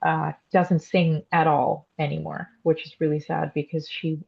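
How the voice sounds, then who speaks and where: A woman's voice: low voice, flat delivery, measured pace, creaky, darkish tone, slightly rough, dull audio. A young woman, a classically trained soprano, explaining voice types in a casual interview with frequent "um" and "like". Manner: explanatory, many "um" and "like" fillers.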